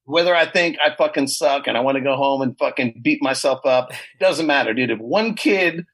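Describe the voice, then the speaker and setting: A middle-aged man, a guest guitarist, chatting casually in an interview and telling stories in an animated, profane way. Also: mid-range voice, moderate pace, low-quality recording.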